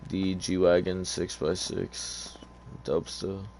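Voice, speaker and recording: Sleepy low-voiced man rambling over gameplay. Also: level tone, slow pace, creaky, darkish tone, slight background noise. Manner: laid-back, rambling, many fillers. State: sleepy, just woken up. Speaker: gaming YouTuber. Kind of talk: casual gameplay commentary.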